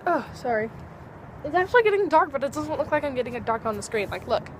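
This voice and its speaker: A woman's voice: sits high, sing-song, fast, background noise. A teenage girl vlogging outdoors at dusk, chatting in a bubbly, rambling way and acting out little dialogues. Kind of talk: casual chat to camera.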